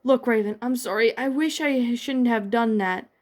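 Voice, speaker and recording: A woman's voice: fairly high pitch, moderate pace, lightly acted. A woman voicing a nervous, guilty teen alien girl hero, pleading and apologetic in a fan-fiction reading.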